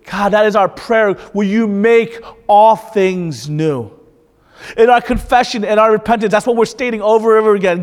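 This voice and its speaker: High-voiced male pastor in a reverberant hall. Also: moderate pace. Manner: conversational, animated, many restarts. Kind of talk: sermon.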